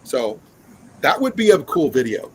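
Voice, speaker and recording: A man hosting a relaxed live stream and chatting at an ordinary pitch. He rambles along, often stopping on fillers and restarting his sentences, with a faint hum of noise behind him. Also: measured pace, poor audio. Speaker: livestream host. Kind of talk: casual live-stream chat.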